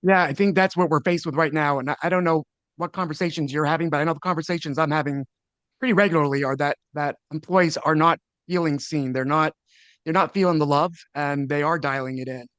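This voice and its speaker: A man's voice: on the high side, fairly even intonation, brisk, a bit bright, no echo. A man, a leadership speaker answering as a podcast guest, earnest and often restarting his sentences. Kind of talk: conversational interview.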